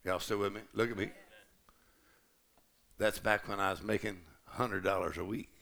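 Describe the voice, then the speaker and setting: A middle-aged man preaching a sermon in a large church, building from easy storytelling to shouted declarations. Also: lowish voice, steady tone, normal speed. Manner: rising to shouted declarations with a gravelly voice.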